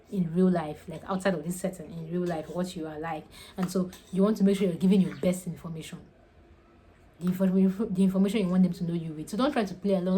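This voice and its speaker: A woman's voice: on the low side, warm tone, rough recording. A young Nigerian woman giving casual, earnest advice in a vlog, repeating her points for emphasis. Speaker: faith and lifestyle vlogger.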